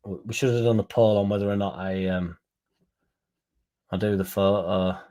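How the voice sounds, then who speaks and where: A man's voice: fairly low pitch, steady tone, normal speed, warm tone. A young man telling a rambling, sweary story to his livestream viewers in a blunt, casual way. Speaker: football fan streamer.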